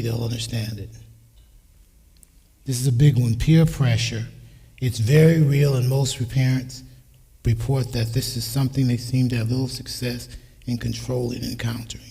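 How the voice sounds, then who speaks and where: Mellow-voiced man in his sixties preaching. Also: mid-range voice, vocal fry, husky. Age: 60s. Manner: anecdotal, quotes family in his own voice. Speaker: speaker at a church. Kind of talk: sermon on parenting. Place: church sanctuary. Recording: reverberant church hall.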